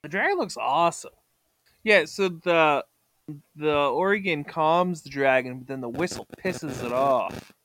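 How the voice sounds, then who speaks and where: A podcast co-host in casual chat about a comic, making wry deadpan comments. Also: medium pitch, unhurried, no room sound.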